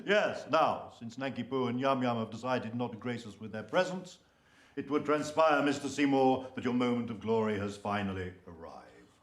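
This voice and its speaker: A man's voice: medium pitch, normal speed, reverberant, natural voice. An actor playing a sardonic Victorian stage director rehearsing his cast. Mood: dry. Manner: dry, exacting, sardonic. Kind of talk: period film acting.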